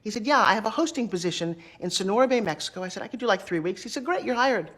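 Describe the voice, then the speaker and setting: A middle-aged woman telling career stories in an interview, acting out the dialogue with quick asides. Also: medium pitch, slight background noise. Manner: lively, acts out quoted dialogue, quick asides. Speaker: interview guest. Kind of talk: animated storytelling.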